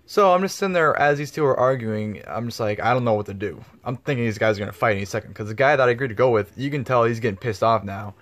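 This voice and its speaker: A man's voice: medium pitch, quick pace, few pauses. A man telling a story in a casual vlog, rambling with lots of fillers and swearing freely. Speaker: vlogger.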